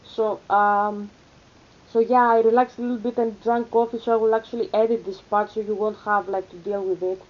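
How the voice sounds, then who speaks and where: A woman's voice: medium pitch, level tone, fairly quick, muffled recording. A young woman with an Athenian Greek accent, chatting casually in a vlog with many fillers and restarts. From Greece. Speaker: vlogger. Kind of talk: rambling casual vlog chat.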